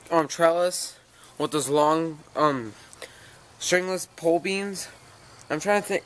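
A man's voice: a little high, rough recording. A tired man rambling casually as he shows his garden, talking to his dog along the way. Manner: rambling, self-interrupting, talks to his dog. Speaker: home gardener. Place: outdoor garden.

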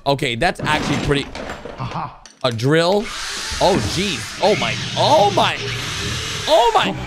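A man hosting a reaction video, commenting in a casual, excitable, exclamatory way and talking straight to his viewers. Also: on the high side, takes it slowly, over music.

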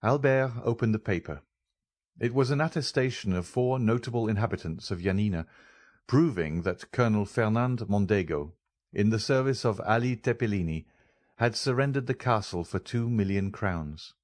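A man narrating a classic novel as an audiobook, steady and unhurried. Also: on the low side, dry recording, clean studio sound. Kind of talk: scripted narration.

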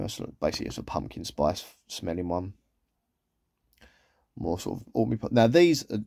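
Man, chatty shopping commentary, warm timbre, dry recording. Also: lowish voice, vocal fry, no echo. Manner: chatty, rambling, with trailing asides. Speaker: vlogger. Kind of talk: casual shopping haul commentary.

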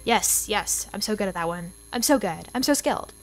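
A woman hosting a gaming channel, giving casual let's-play commentary in a chatty, excitable way with dramatic exclamations. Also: medium pitch, a little fast, faint music behind.

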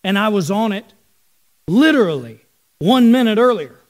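A man's voice: high-pitched, lively intonation, normal speed. A middle-aged man, a pastor, preaching a sermon and telling stories in a conversational way, talking directly with his congregation.

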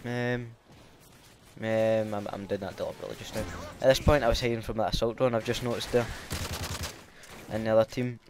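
Scottish man, casual game commentary, hesitant, loud gunfire behind. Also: fairly low pitch, steady tone, fairly quick, background noise. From Scotland. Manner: hesitant, lots of filler ums. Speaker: gameplay commentator.

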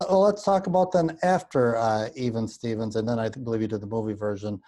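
A man hosting a casual interview, asking questions in a halting way with fillers. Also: medium pitch, warm tone. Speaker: interview host.

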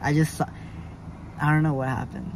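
A man's voice: fairly high pitch, little pitch movement, moderate pace, a little hiss or hum. Rambling nervous young man vlogging from a car. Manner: rambling, nervous, self-mocking. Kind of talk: casual road-trip vlog. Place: inside a car.

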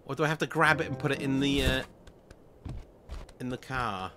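A man's voice: medium pitch, moderate pace, music in the background. A man giving cheeky, chatty commentary while playing a game on a live stream, swearing and laughing often. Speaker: gaming streamer. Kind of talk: casual let's-play commentary.

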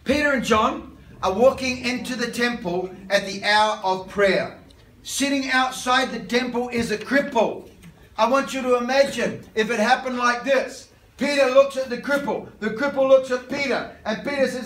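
A man's voice: very high-pitched, normal speed, fairly bright tone, faint music behind. A man preaching a sermon, telling stories and acting out the characters in comic voices. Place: church hall. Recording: echoey hall, mic from a distance.

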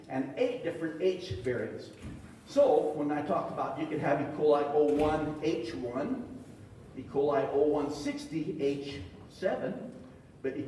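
A man's voice: on the high side, mellow, a little hiss or hum. A man giving a folksy, joking presentation to a live audience, with acted-out quotes. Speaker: presenter at extension talk. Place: large echoey meeting hall. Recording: echoey hall recorded from far off.

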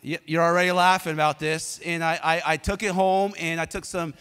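Energetic man preaching in a reverberant church. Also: fairly high pitch, brisk, clean tone. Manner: energetic, conversational, prompts the congregation to respond. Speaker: pastor. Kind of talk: sermon with personal storytelling.

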